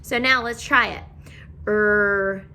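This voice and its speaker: Slow, bright-voiced phonics teacher woman. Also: mid-range voice, fairly even intonation, slight background noise. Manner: slow, sing-song, coaxing questions. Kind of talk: recorded phonics lesson for young children.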